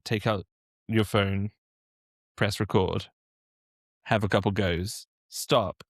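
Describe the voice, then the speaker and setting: A man's voice: fairly low pitch, steady tone, slow pace, no room sound, clean studio sound. A man who works as a dialect coach, answering interview questions with practical, step-by-step advice. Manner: practical, encouraging, explains step by step.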